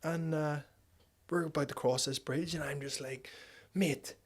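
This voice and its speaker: A man in his twenties with a Northern Irish accent, a podcast guest telling a story in casual chat, animated and swearing freely. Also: fairly high pitch, measured pace, breathy edge. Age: 20s.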